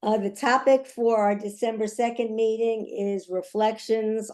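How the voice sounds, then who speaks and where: Woman, meeting chair, losing her voice, slow, mellow tone. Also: on the high side, steady tone. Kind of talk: online meeting announcements.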